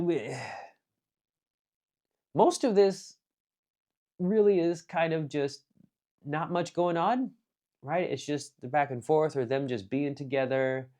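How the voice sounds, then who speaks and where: A medium-pitched man chats casually about an anime film. His review rambles, with frequent fillers and restarts, and he jumps from excited bursts to quietly muttered asides.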